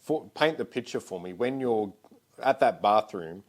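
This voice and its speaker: A man co-hosting a podcast, recounting a security job in a brisk, emphatic conversational way. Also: on the low side, lively intonation. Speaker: podcast co-host. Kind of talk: casual conversation.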